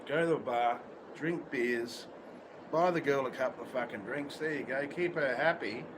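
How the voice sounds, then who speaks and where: A man's voice: medium pitch, moderate pace. An Australian man livestreaming outdoors near a beach, talking bluntly and swearing constantly in casual chat. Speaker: livestream host. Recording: outdoor street noise with traffic.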